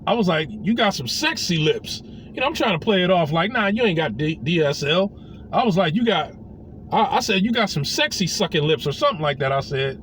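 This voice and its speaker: A man with a high voice tells a personal story in in a loose, casual way. He swings his pitch widely and slips into the voices of the people he quotes. There is a faint noise behind him. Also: a bit bright.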